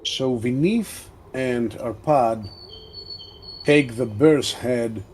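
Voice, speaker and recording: Slow, deliberate game master narrating. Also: male voice, medium pitch, noisy background.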